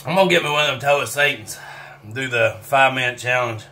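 Here a man talks quickly to the camera in his casual vlog, his mid-range voice pushed and bright, as he eats hot sauce. Between bites he drawls, swears and groans, mouth burning and sweating, with slight background noise behind him.

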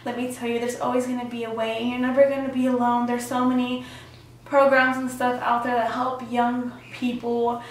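A woman's voice: fairly high pitch, flat delivery, moderate pace, far from the mic. Chatty young woman in echoey room. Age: young adult. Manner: chatty, many fillers, acts out quotes. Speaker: vlogger. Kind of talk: personal story vlog.

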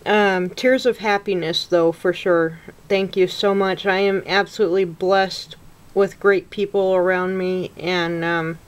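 A woman's voice: lowish voice, fairly even intonation. A middle-aged woman crafter chatting to camera as she unboxes a gift package, gushing, gasping and close to happy tears. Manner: slow, gushing, gasping and near tears with gratitude. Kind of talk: casual unboxing chat to camera.

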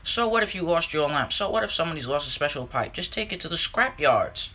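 A man's voice: a little high, fast talker. A man doing a whiny, grumbling little engine. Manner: whiny, excitable cries. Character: grumbling, impatient male scrap engine.

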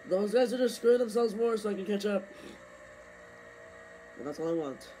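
Excitable young man gaming, high voice. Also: normal speed, a little hiss or hum. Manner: excitable, complaining, bursts of yelling. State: losing his voice. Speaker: gaming streamer. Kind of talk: live gameplay commentary.

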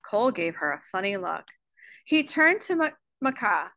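Bright-voiced woman reading a storybook aloud. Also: medium pitch, very animated, a little slow. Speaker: art teacher reading aloud. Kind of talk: reading a children's novel aloud.

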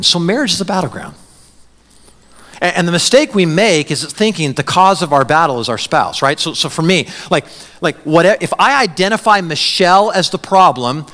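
A man's voice: sits high, pushed and bright. A male pastor preaching a sermon in a church, talking conversationally and acting out quotes from his listeners. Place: church sanctuary. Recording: church hall reverb.

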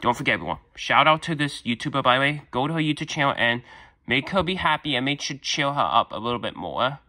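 A man's voice: mid-range voice, animated, quick pace, pushed and bright. A man hosting his own channel, introducing a fan video in a chatty, reassuring way. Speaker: channel host.

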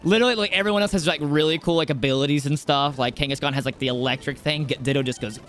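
A young man chatting casually while playing a game with a friend, excitable and quick to laugh. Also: a little high, faint music behind. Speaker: co-host. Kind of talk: casual gaming chat.

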